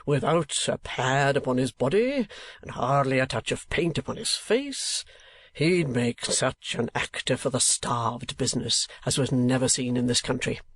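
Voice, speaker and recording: A man voicing a talkative, theatrical middle-aged theatre manager, speaking slowly and emphatically. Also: mid-range voice, lively intonation, a bit bright, husky, no room sound. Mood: enthusiastic.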